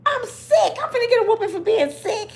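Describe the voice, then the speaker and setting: A woman playing a frightened young girl, very high-pitched, shrill, frantic pleading. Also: expressive, a little fast. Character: scared young girl, panicky and squealing.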